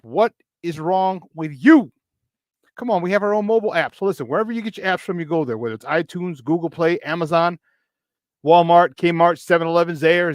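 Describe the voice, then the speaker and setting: A man with a Chicago accent, hosting a morning sports talk show in a hyped, playful way, shouting out to his viewers. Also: high voice, dry recording.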